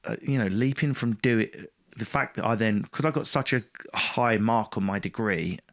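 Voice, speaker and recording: A man's voice: lowish voice, moderate pace, a bit bright. A man telling his story as a podcast guest, blunt and self-mocking, swearing freely in casual talk. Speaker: podcast guest, stand-up comedian.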